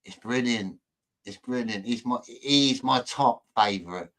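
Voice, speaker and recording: A man talks over a video he is watching in a loose, mocking, rambling way. His voice is bright and forward, and he trips over his words as he jokes. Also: medium pitch, measured pace. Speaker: host reacting to a video. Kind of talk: casual reaction commentary.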